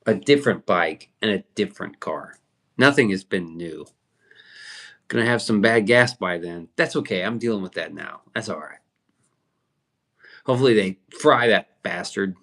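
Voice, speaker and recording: Brief: male streamer, low voice, profane rambling chat, reacting to the comments. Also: animated, moderate pace, long pauses, fairly bright tone. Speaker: livestream host. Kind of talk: casual livestream chat.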